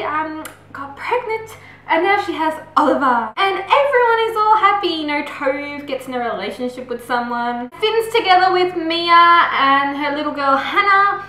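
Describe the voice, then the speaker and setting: A chatty woman reviews a book with eager, gushing energy, bringing its scenes to life as she talks. Her voice sits high and sounds bright and forward. The recording carries a noticeable roomy echo. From Australia. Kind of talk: casual book review chat. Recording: roomy echoey room.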